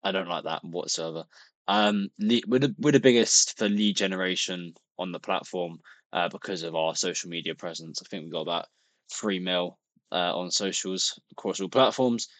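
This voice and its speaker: A man's voice: sits low, normal speed, fairly bright tone, dry recording. A young man, talking casually to camera in a rambling, chatty vlog, full of restarts and the odd swear. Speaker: vlogger.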